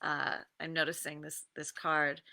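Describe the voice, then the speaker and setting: Slow, gravelly-voiced woman meditation coach. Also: deep voice, flat delivery, sharp tone. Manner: easygoing, with many pauses and fillers, and laughs. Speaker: creative success coach. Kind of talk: casual guided meditation talk with readings.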